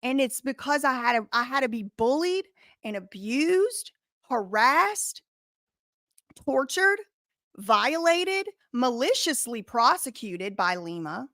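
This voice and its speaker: Woman stream host, defiant and emphatic, bright voice, higher pitch. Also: big pitch swings, takes it slowly, no room sound, studio quality. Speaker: host of a live reaction stream. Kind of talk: live reaction commentary.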